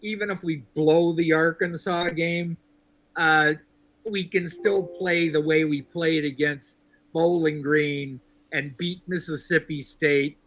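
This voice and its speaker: A man from Texas calling into a sports show, talking in a measured, wry way with lots of fillers. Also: fairly high pitch, fairly even intonation, highs cut off. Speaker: caller. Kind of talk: casual sports call-in chat.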